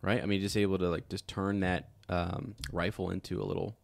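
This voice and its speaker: A man's voice: low voice, level tone, brisk, creaky, no echo. A man co-hosting a podcast, chatting casually about a book and rambling with many fillers and restarts. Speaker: podcast co-host.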